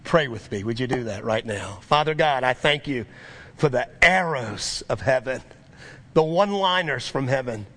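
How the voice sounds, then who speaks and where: A middle-aged man preaching a sermon, telling a travel story with quoted voices and building to fervent, lively preaching. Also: mid-range voice, normal speed. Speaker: pastor.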